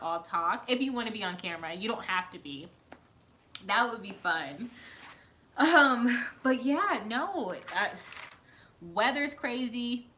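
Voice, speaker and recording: A woman's voice: medium pitch, pushed and bright. A woman, chatting casually on a live stream from home, reading out her viewers' comments and laughing often. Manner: chatty, laughs often, talks to chat by name.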